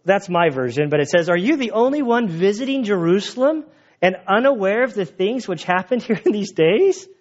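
A man's voice: sits high, sing-song, normal speed, lo-fi sound. A man preaching a sermon, retelling scripture casually and playfully, acting out lines of dialogue. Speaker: pastor.

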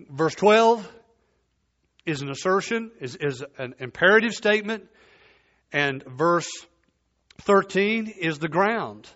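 A man preaching a sermon, emphatic and repeating key phrases, his voice sinking low at the ends of points. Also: a bit bright, highs cut off.

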